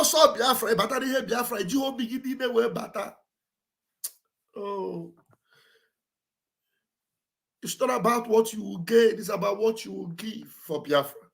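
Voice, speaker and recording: A man with an Igbo accent, whose first language is Igbo, delivers a passionate livestream exhortation in a high, fervent voice. He talks like a preacher, repeating lines for emphasis. He sounds emotional and close to tears throughout. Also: gravelly, a bit bright. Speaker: livestream host.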